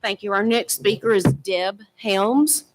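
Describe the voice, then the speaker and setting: A woman chairing a board meeting, calling the next speaker in a measured, formal way. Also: mid-range voice, low-quality recording. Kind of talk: procedural announcements.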